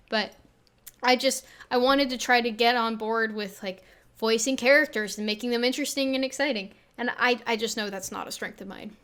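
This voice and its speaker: A woman with a voice that sounds younger than her age, giving halting, self-deprecating reaction commentary, with many restarts, on a USB desk mic. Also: high voice, fairly bright tone. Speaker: video creator and game developer. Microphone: Blue Yeti on an arm.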